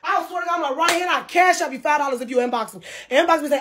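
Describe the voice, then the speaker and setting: A woman's voice: sits high, rapid-fire, few pauses, background noise. A woman livestreamer ranting to her viewers, profane and heated. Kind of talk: livestream rant.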